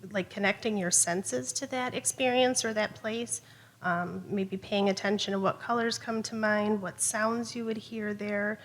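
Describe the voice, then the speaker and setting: A woman social worker explaining coping skills to parents in a relaxed, casual way, with fillers. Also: medium pitch.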